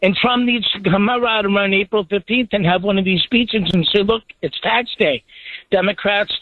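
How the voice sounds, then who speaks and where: A man's voice: high voice, steady tone, fairly quick, no echo. A man calling in to a radio show, opinionated and sarcastic, heard over a phone line. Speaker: caller. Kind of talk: call-in conversation.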